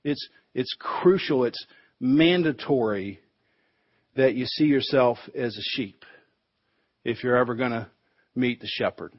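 A man's voice: medium pitch, a little slow, long pauses, dry recording. A male pastor delivering a sermon in a conversational storytelling way, with touches of humor. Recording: dull lo-fi recording.

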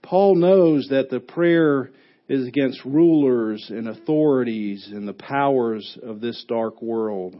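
A man preaching a sermon as pastor, who rises to a shout when he acts out a yelling coach. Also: mid-range voice, slow, highs cut off.

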